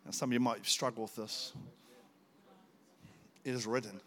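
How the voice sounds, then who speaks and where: A man preaching a sermon, telling stories in an animated, dramatic way and laughing often. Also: medium pitch, normal speed. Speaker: pastor. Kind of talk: storytelling sermon.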